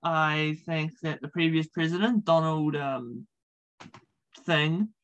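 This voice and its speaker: A man's voice: fairly high pitch, takes it slowly, fairly bright tone, dull audio. A man, chatting casually in an interview, with frequent ums and uhs. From New Zealand. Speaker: podcast host being interviewed.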